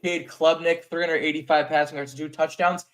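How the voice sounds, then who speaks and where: A man co-hosting a sports show, running through stats one after another in a quick list. His voice sits a little high. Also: level tone, a bit bright. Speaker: co-host. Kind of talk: casual sports chat.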